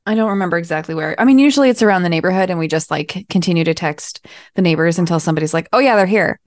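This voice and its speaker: Podcast co-host, woman, 30s, lowish voice, dry close recording, chatty. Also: no echo. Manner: amused, quick storytelling. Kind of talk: casual chat.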